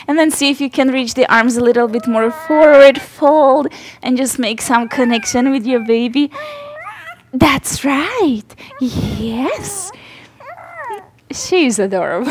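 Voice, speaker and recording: High-voiced, slow-paced woman yoga teacher. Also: animated, slight background noise. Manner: gentle, encouraging cues, cooing to her baby. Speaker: yoga instructor. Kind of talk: guided yoga class instruction.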